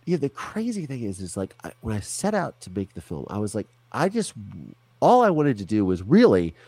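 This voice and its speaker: A man's voice: medium pitch, wildly swooping pitch, normal speed, a little mellow, husky, no echo. A man as an interview guest, talking candidly and animatedly in a casual conversation over a remote call, with frequent restarts and swearing.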